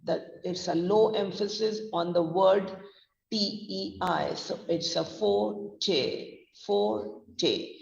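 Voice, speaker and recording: Woman teacher spelling words out slowly. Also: fairly low pitch, steady tone, gravelly, darkish tone. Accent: Indian English. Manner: slow, spells words letter by letter. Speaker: English pronunciation trainer. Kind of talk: online lesson, spelling out words. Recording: dull distant roomy audio.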